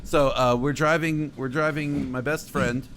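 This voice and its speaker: A man's voice: a little high, a little slow, soft background music. Profane young man telling a road story. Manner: profane, animated, acts out his own shouts. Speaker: podcast co-host telling a story. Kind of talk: casual storytelling chat.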